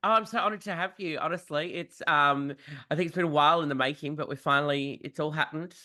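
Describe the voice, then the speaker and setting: Australian male podcast host, jet-lagged, gushing and theatrical, bright and fairly high. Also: fast talker. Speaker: podcast host, drag performer. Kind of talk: casual chat.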